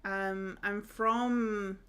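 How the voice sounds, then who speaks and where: A woman's voice: mid-range voice, steady tone, drawn-out words, pushed and bright, clear, resonant tone. A young woman from northeast Scotland with an Aberdonian accent, chatting casually and rambling through stories while streaming a game. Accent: northeast Scottish (Aberdonian). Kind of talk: casual chat while gaming.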